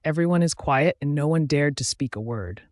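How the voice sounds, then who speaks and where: A man reading a first-person story aloud as narrator in a steady, even manner. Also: on the high side, moderate pace, dry recording.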